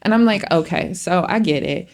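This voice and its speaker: Woman, middle-aged, low gravelly voice, podcast chat, animated storyteller. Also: moderate pace. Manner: animated storyteller, acts out family quotes. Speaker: podcast co-host. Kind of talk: casual chat.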